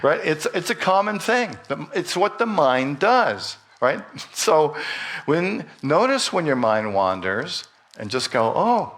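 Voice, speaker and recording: A middle-aged man giving a sermon in a church, guiding a meditation gently and unhurriedly with light humor. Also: on the high side, sing-song, slow. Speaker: minister. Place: church sanctuary.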